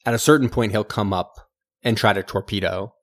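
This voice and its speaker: A man's voice: fairly low pitch, brisk. A man co-hosting a podcast, chatting casually as he retells a film with lots of fillers and restarts. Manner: rambling, animated retelling with acted quotes. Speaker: podcast co-host. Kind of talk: casual chat recapping a film.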